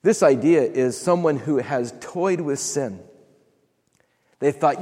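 Brief: animated male preacher, slightly high voice, sermon in a big echoing hall. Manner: storytelling with dramatic pauses and laughs. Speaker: pastor. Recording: long reverb of a large hall.

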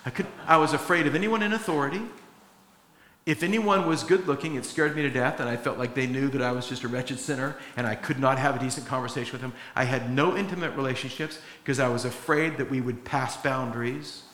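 A man's voice: medium pitch, a little fast, fairly bright tone, roomy sound, long reverb tail. A middle-aged pastor preaching a sermon in an earnest, conversational way, acting out the quotes he tells.

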